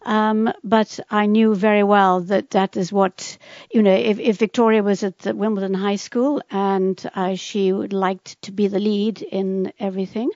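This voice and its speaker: Older woman with a London English accent, gentle and hesitant, lots of restarts, muffled lo-fi sound, dry room. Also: mid-range voice, level tone, measured pace, hardly any pauses, dry recording. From England. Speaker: guest. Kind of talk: casual chat.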